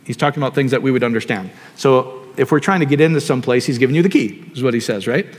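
A man's voice: medium pitch, quick pace. Conversational male preacher in a hall. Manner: conversational, asks the audience questions. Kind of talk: sermon. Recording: long hall reverb.

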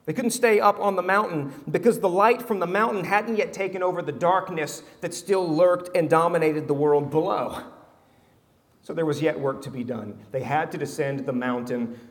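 A man preaching a sermon as pastor, animated and humorous, swinging from loud to hushed. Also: fairly high pitch, moderate pace, in a large hall.

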